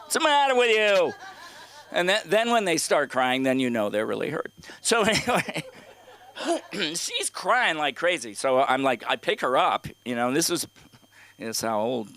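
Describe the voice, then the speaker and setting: A man's voice: mid-range voice, big pitch swings, moderate pace, pushed and bright. A middle-aged man doing open-mic stand-up on a comedy club stage, rambling, profane and talking straight to the crowd.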